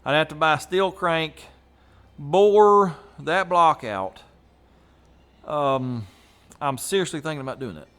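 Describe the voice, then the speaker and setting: A folksy man talks through his work in a casual garage vlog, his voice sitting a little high for a man. He thinks aloud in a relaxed drawl and chuckles at his own mishaps. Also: slow pace, long pauses. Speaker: garage channel host.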